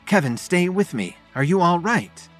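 A man voicing a frantic female doctor who pleads and shouts urgent orders. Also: high voice, big pitch swings, normal speed, soft background music, voice pushed up, exaggerated voice. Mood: concerned.

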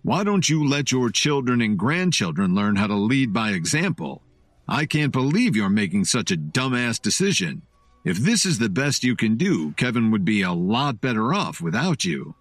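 Man doing a furious storybook brawler, shouting threats, domineering, voice swinging widely, dry close sound. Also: on the low side, very animated, moderate pace, dry recording. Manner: shouting, menacing.

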